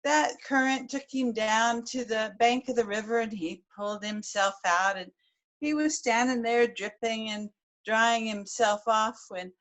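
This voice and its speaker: A woman's voice: fairly high pitch, a little slow, fairly bright tone. A woman from the United States telling a folk tale to a live audience in a folksy, rambling way, repeating words as she goes. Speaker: storyteller. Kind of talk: live oral storytelling.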